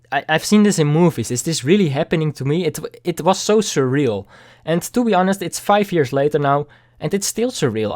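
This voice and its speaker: A young man vlogging a candid personal story, halting and repeating words, with casual swearing. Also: on the high side, a little mellow.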